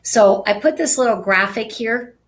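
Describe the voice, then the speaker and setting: A woman's voice: on the high side, normal speed. A woman teaching real estate agents in a conversational live-stream talk, often checking in with "right?". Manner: conversational, frequent tag questions.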